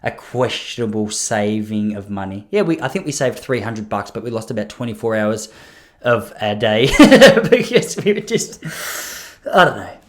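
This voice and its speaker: A man's voice: lowish voice, sing-song, moderate pace. Rambling, joking man. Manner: rambling, self-deprecating joking. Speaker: podcast host. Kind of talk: casual comedic solo podcast monologue.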